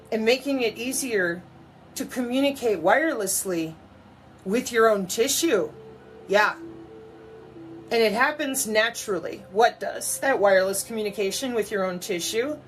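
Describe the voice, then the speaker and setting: A woman in a mocking, profane monologue to camera, full of sarcasm. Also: fairly high pitch. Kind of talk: ranting monologue.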